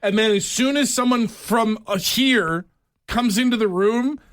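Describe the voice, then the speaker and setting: A man's voice: very high voice, measured pace, fairly bright tone, no room sound, studio quality. A man co-hosting a radio show in casual, joking chat. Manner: joking, laughs easily. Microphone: studio mic.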